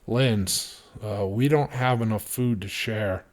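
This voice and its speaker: A man's voice: fairly low pitch, slow pace. A man voicing a stern armed father who talks in a hard, lecturing, emphatic way. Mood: menacing.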